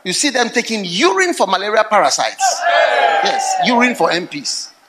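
A middle-aged man preaching a sermon, telling stories with animated swings into loud, laughing outbursts. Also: sits high, normal speed, over a noisy crowd, heavy background noise. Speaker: pastor.

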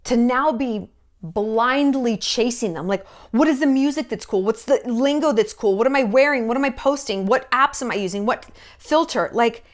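A woman's voice: fairly high pitch, normal speed. A woman in her thirties talking in a blunt, gossipy, profane way in a casual commentary vlog. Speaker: YouTube commentator.

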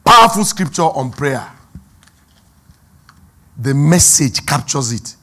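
A man with a Nigerian accent, preaching a sermon as pastor, who swings from quiet asides to loud, drawn-out emphasis. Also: a little high, very animated. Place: church hall.

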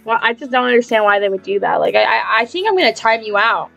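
A woman's voice: a little high, animated, fast, vocal fry, a bit bright. A young woman live-streaming a game, chatting casually with a mock-dramatic, sarcastic delivery and lots of repeated phrases. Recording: faint music behind.

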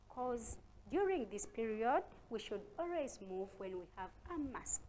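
A woman with a Ugandan accent teaching a reading lesson to young children, sounding out syllables slowly and calling out each sound with loud emphasis. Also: a little high, sing-song, a little hiss or hum. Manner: slow, sounds out syllables with loud stressed calls. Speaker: primary school teacher.

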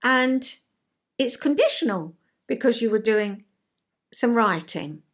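A woman's voice: fairly high pitch, expressive, slow pace, breathy edge. An older woman and retired counsellor giving a chatty, homely explanation in her vlog, full of rhetorical questions.

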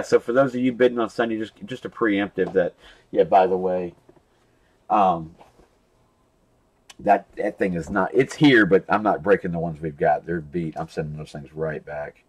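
A man's voice: low-pitched, poor audio. A young man hosting a live card break stream, casually rambling and reading off names and card numbers.

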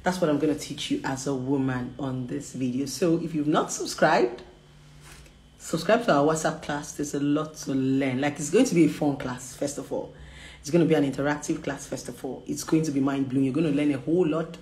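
A woman's voice: low voice, brisk, roomy sound. A woman, a relationship coach, talking frankly and playfully to viewers with bursts of laughter. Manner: animated, laughing, candid and teasing. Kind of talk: frank casual vlog talk.

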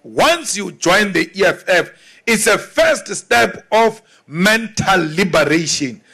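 A high-pitched man with a South African accent delivers a rally speech at an unhurried, deliberate pace. His oratory is defiant and emphatic, driving points home through repetition. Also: expressive, gravelly, bright, forceful tone, breathy edge. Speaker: political speaker.

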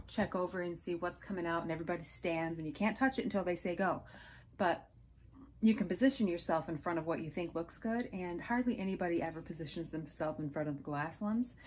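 Speaking on the low side with a touch of mellowness, a woman who vlogs about resale walks through her thrift haul in a relaxed show-and-tell. She chats away, raves about small items, and hiccups occasionally, with a little hiss or hum audible.

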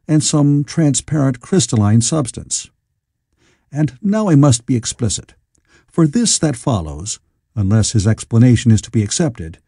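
A man narrating an audiobook in a measured, expressive way. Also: mid-range voice, husky, no room sound, studio quality. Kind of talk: scripted narration.

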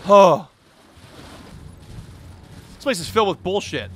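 Man, streamer, high voice, swoops wildly, shouts and curses, mutters asides. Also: normal speed, a little hiss or hum. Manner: excitable, yells and swears at surprises; drops to muttered asides between outbursts. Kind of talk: live gameplay commentary.

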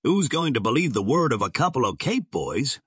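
A man's voice: low-pitched, sing-song, moderate pace, a bit bright, slightly rough, no echo, clean studio sound, heavily acted. A man voicing a greedy, nervous male diamond magnate who blusters when cornered. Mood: blustering.

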